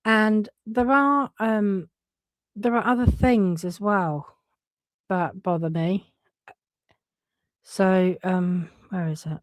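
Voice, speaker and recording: A woman's voice: mid-range voice, slow, long pauses, no room sound. A woman giving frank, casual commentary and swearing freely, often breaking off and restarting her sentences. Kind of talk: casual commentary reading out messages.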